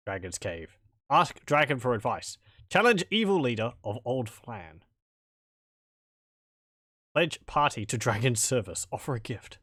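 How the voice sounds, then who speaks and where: A man's voice: medium pitch, a bit bright, dry recording, clean studio sound. A man casually commenting on a game as he plays, with wry, rambling asides and chuckles. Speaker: let's play commentator.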